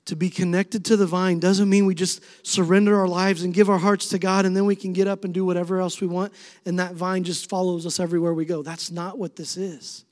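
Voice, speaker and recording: High-voiced male pastor in a reverberant hall. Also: level tone, brisk. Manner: preaching with swings from soft to emphatic. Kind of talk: sermon. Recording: long reverb of a large hall.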